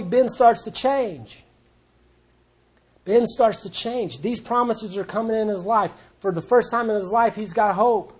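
A man's voice: high voice, slightly rough. A man speaking to a recovery group, telling stories in a plainspoken, folksy and blunt way. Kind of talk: storytelling talk to a recovery group.

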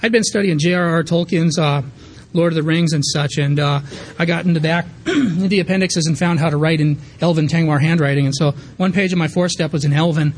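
A man's voice: on the high side, steady tone, a little fast. A man in his thirties telling a candid, rambling personal story about getting sober, with many fillers and restarts. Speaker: recovery meeting speaker.

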